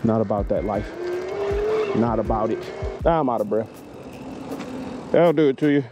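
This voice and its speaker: A man's voice: lowish voice, normal speed, lo-fi sound. A man riding an e-bike outdoors and vlogging as he goes, joking about himself in loose slang. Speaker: moto vlogger. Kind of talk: casual ride vlog. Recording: music playing under outdoor ride audio. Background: background music.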